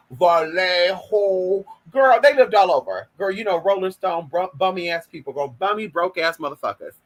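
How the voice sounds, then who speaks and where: Sassy high-voiced man, lively and husky. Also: poor audio. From Northern California. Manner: sassy, profane, gossipy, addresses viewers as girl and y'all. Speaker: vlogger. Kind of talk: casual storytelling monologue.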